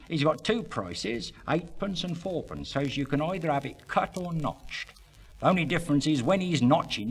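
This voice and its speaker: A man's voice: on the high side, fairly bright tone. A man with a rural southern English accent spinning comic country yarns in a drawling dialect monologue, with chuckling asides.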